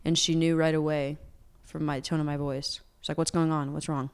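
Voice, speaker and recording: In an interview, a young adult woman who writes and sings her own songs talks candidly and earnestly, using "like" a lot. Her low-pitched voice is smooth and darkish, with a level tone and a brisk pace.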